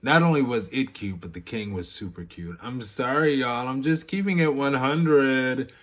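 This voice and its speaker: A man's voice: medium pitch, normal speed, a bit bright. A man vlogging casually to camera, rambling and interrupting himself, laughing at his own remarks. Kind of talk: casual candid chat to camera.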